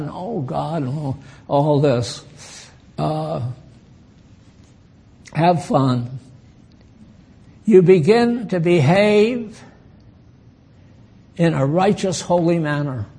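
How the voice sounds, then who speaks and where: A man's voice: fairly high pitch, warm tone. An older man preaches in a slightly raised voice, taking his time. He jokes with the people in front of him, asks them questions and chuckles at his own remarks. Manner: folksy, bantering with the congregation, chuckling asides. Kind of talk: sermon.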